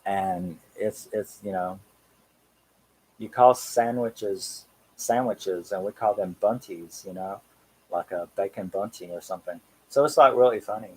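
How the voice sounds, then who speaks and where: A horror channel host in his thirties from England, with a Cockney accent, speaks in a lowish voice at a measured pace; it sounds slightly rough on a low-quality recording. He hosts a casual live-stream chat, rambling and chuckling often.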